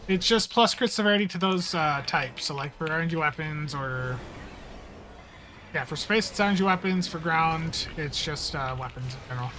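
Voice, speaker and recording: A man with a notably high speaking voice hosts a live gaming stream in relaxed, casual chat. He rambles easily, with frequent ums and restarts. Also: normal speed, a little hiss or hum. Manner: easygoing, rambling with fillers. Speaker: game streamer host.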